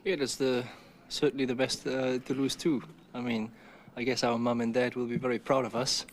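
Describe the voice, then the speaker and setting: A man gives measured answers on the podium after the race. He speaks in a flat, even line with little rise and fall. Faint background noise sits behind his voice. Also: medium pitch. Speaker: racing driver. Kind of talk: post-race podium interview.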